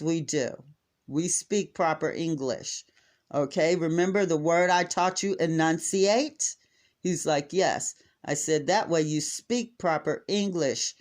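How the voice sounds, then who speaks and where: Brief: middle-aged American man, somewhat high voice, casual exasperated storyteller who acts out quotes. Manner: exasperated, animated retelling with acted-out quotes.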